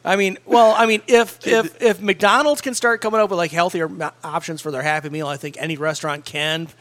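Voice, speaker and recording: A man's voice: high voice, fairly even intonation, a little fast, fairly bright tone. A man co-hosting a radio show in casual, joking banter, laughing often. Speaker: radio co-host.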